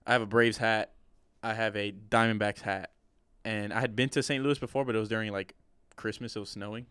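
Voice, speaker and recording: A young man with a low, fairly monotone voice talks sports with a friend, rambling and restarting with enthusiasm. His voice is smooth and clear, and the recording is dry and close. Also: a little fast, dry recording. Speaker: podcast co-host. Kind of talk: casual sports chat.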